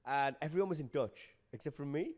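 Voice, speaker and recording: A young adult man, a guest comedian, chatting casually on a podcast and telling animated, sweary stories. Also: on the high side, brisk. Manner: animated storyteller, swears freely.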